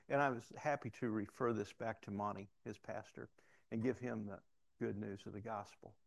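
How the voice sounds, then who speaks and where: A man's voice: medium pitch, steady tone, fast talker, vocal fry, a little mellow. Folksy storytelling man preaching. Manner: conversational, folksy storytelling, acts out dialogue. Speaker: former sheriff giving a church talk. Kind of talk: sermon with storytelling.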